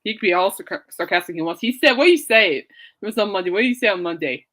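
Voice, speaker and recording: A woman's voice: mid-range voice, lively intonation, fast talker, fairly bright tone. Giggly rambling woman podcast host. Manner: giggly, rambling, laughs often. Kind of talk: casual chat.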